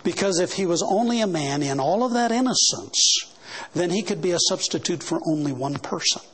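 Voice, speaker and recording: A man's voice: sits high, animated, moderate pace, fairly bright tone, husky. A man preaching a Baptist sermon, emphatic and often doubling words as he pushes his points. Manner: emphatic, stumbling over repeated words.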